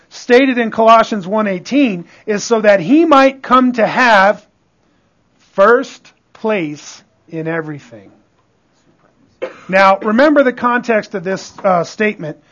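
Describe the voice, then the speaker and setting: A man's voice: high-pitched, a bit bright. A man preaching a sermon, reading scripture with heavy stress and calling out "Amen?" to the congregation. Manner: emphatic, calls out "Amen?" to the congregation; reads scripture slowly and with stress. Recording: dull lo-fi recording.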